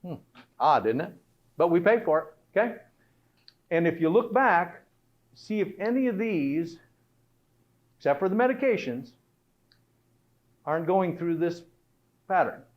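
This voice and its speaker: A man's voice: high voice, expressive, measured pace, long pauses. Man giving a health talk, lo-fi. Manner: conversational, asks rhetorical questions often. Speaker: health speaker. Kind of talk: health talk to a live audience.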